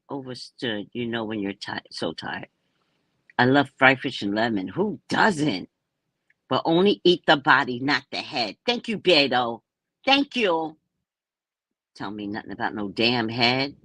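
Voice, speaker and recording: Woman in her sixties, husky voice, slow unhurried talk, playful live-stream chat, dry close sound. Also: rumbling low, dry recording. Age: 60s. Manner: animated and playful, laughing as she talks. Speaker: live stream host and psychic reader. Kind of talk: casual live chat answering comments.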